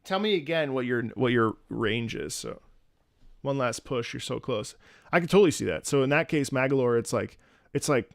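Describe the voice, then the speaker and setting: A male streamer chatting casually with his viewers, relaxed and musing as he answers their questions. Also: medium pitch, moderate pace, gravelly, pauses often. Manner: relaxed, musing, talks to chat. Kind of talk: casual live-stream chat. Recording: game music playing faintly behind. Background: video game music.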